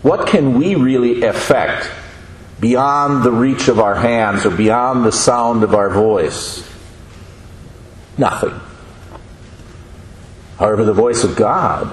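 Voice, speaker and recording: A man giving a sermon, speaking slowly and deliberately and asking the listeners questions. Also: mid-range voice. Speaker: preacher. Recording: echoey room with faint noise.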